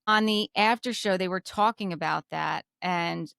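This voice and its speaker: A woman's voice: medium pitch, measured pace, creaky, a bit bright, clear, resonant tone, no room sound. A talkative woman with a New Jersey accent recaps a reality show in loose, opinionated chat. She circles back over her own words as she works out a point. The recording is close and dry, with no room sound. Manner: chatty, repeats herself, opinionated. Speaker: podcast co-host.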